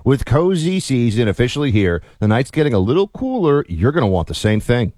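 A man's voice: medium pitch, very animated, fairly quick, a little mellow, no room sound, clean studio sound. A man co-hosting a talk radio show, teasing and joking in casual banter.

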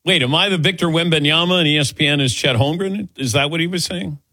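A man's voice: on the high side, quick pace, pushed and bright, no echo. A man hosting a sports radio talk show, wry and self-deprecating in casual chat. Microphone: studio microphone.

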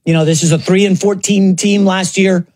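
High-voiced sarcastic male sports host. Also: moderate pace. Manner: sarcastic, animated, mocks others in put-on voices. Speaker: sports talk show host. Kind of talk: opinionated sports commentary.

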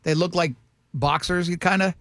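A man's voice: sits high, fairly even intonation, moderate pace, fairly bright tone, dry recording, studio quality. A man co-hosting a morning show, joking and telling rambling stories about himself. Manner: jokey, rambling storyteller. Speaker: co-host. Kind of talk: casual on-air banter.

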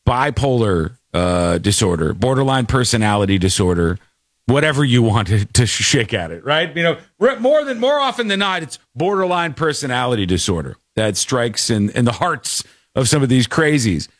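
A man's voice: medium pitch, expressive, moderate pace, no room sound, studio quality. A man telling a story in casual chat, acting out the people in it with shifting voices. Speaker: podcast host.

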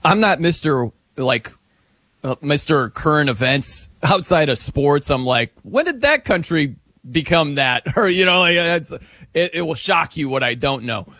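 A man hosting a casual sports talk show, animated and emphatic, laughing often. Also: fairly high pitch, measured pace, dry recording, clean studio sound.

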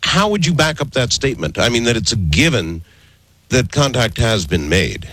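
Husky-voiced radio host, dry sound. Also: male voice, medium pitch, big pitch swings, moderate pace, a bit bright, no echo. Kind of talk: radio interview.

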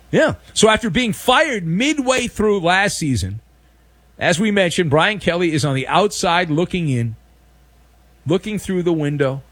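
A man hosting a daily sports talk show, delivering sarcastic, mocking commentary with animated emphasis. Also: a little high, dry recording.

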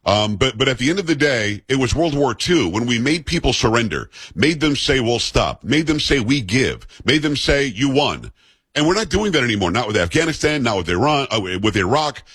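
A man's voice: mid-range voice, expressive, fairly quick, few pauses, a bit bright, slightly rough, no room sound. A man hosting a radio talk show, arguing his opinions emphatically and repeating himself as he builds a point.

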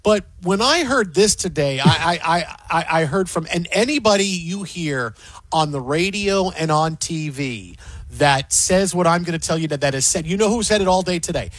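A man's voice: fairly high pitch, expressive, normal speed, a bit bright, no room sound. A man hosting sports talk radio, ranting emphatically and mocking what others say.

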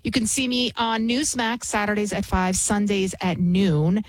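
A woman's voice: mid-range voice, fairly even intonation, unhurried, dry recording, poor audio. A woman in her forties hosting a talk radio show, ranting with heated indignation. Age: 40s. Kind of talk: opinionated talk radio monologue.

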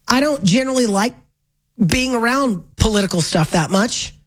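A woman's voice: a little high, lively intonation, moderate pace, rough recording. A woman hosting a talk radio show, giving an opinionated monologue with wry, sarcastic asides and a voice a bit strained from smoke.

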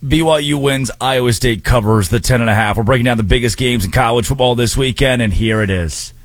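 A man's voice: medium pitch, dry recording. A man hosting a sports talk radio show, giving betting picks and college football takes with a wry, sarcastic edge. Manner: wry, sarcastic, brisk delivery.

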